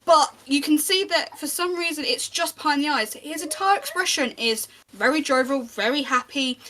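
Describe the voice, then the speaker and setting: A woman's voice: sits high, sharp tone. A woman narrating as game master of a tabletop game, in a chatty, descriptive way with small restarts.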